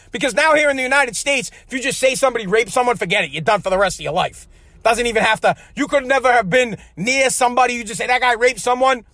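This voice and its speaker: A man's voice: very high-pitched, a bit bright, no room sound, studio quality. A man hosting a show, delivering a heated, profane monologue with lots of repetition. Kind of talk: angry ranting monologue.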